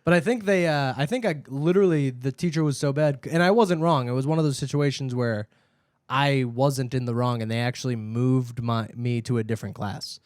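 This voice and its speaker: A young man telling stories on a podcast. He is animated, swears freely and laughs through his own stories. His voice sits in a middle register and is recorded dry and close. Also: mid-range voice, brisk, dry recording. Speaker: podcast co-host. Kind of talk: casual storytelling chat.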